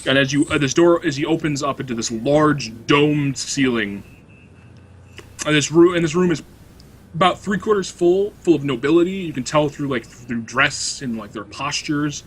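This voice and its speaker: A man's voice: on the high side, normal speed, husky. Fields: hesitant male game master. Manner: rambling, hesitant description with many fillers. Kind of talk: narrating a tabletop game.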